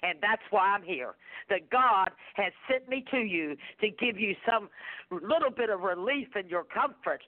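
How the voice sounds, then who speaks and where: A woman's voice: mid-range voice, expressive, normal speed, no echo. Soothing preachy woman on a phone line. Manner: soothing, preachy, calls people darling. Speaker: caller and fellow radio host. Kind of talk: comforting call-in talk. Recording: tinny phone line, dry.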